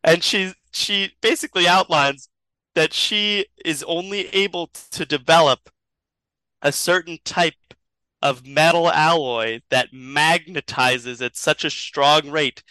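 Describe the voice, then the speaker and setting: A man's voice: a little high, takes it slowly, sharp tone, clean tone, dry recording, poor audio. A man improvising a comedic story as a podcast host, rambling and chuckling as he goes.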